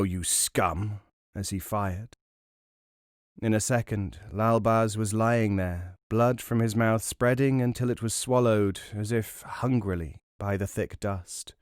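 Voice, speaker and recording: A man narrating a novel as an audiobook in a measured, dramatic storytelling manner. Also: mid-range voice, clear, resonant tone, no echo, studio quality.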